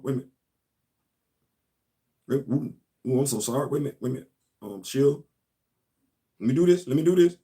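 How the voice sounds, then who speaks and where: A toy collector vlogger hosts a casual unboxing live stream, speaking directly to his viewers in an easygoing drawl. His voice is slightly higher than most and a little mellow, and he loops back over his own phrases, letting sentences trail off.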